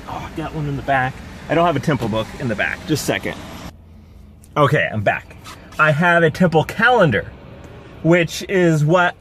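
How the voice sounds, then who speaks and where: Male vlogger, upbeat and rambling, slightly high-pitched, recording outside in the rain with faint street noise. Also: expressive, moderate pace. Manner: chatty, rambling and upbeat, laughing often. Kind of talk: casual vlog chat. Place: outdoors on a city street in the rain.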